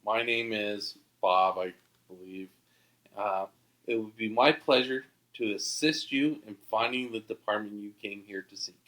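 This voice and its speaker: A man playing a polite male car dealership greeter who speaks slowly and formally. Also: fairly low pitch, fairly bright tone, rough recording. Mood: courteous.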